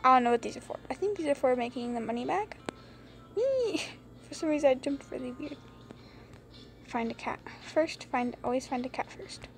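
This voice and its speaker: A young woman with a bright, high voice talks through a computer game in a bedroom late at night. She rambles and giggles, keeping things hushed so others stay asleep. Faint game music plays underneath her phone-recorded voice. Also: a little fast. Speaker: gameplay streamer. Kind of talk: casual gameplay commentary. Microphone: phone screen recorder.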